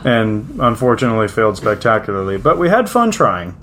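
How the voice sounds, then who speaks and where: A man's voice: lowish voice, big pitch swings, brisk, fairly bright tone, a little hiss or hum. Dry, teasing man co-hosting a podcast. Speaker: podcast co-host. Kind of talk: casual travel podcast chat.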